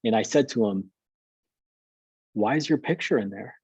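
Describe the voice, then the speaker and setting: A man's voice: on the low side, normal speed, darkish tone, husky, dry recording. Rambling man pastor, dull call audio. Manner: rambling, repeats words and restarts. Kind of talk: storytelling in a video call interview.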